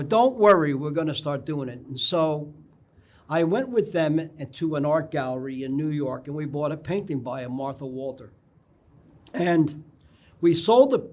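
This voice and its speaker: An older man, a guest on a local TV interview, telling anecdotes in a rambling way and often clearing his throat. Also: on the high side, darkish tone. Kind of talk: casual interview storytelling. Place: local TV studio.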